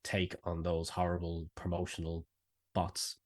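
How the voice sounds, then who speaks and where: Guy on a podcast, really low voice, bit husky, dry wry jokes. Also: monotone, measured pace, darkish tone. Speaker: podcast co-host. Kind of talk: casual podcast chat.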